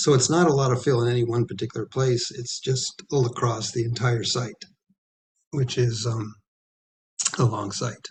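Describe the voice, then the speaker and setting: Man, mid-pitched, losing his voice, clears throat often, halting presentation, faint background hiss. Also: steady tone. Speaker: architect presenting to a planning commission. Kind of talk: public meeting presentation. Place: town hall meeting room.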